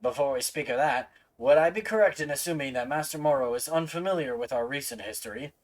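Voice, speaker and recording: A man putting on a booming stately knight. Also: natural voice, poor audio. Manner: formal, slow and booming. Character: loud, stately male knight commander. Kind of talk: reading game dialogue aloud with voices.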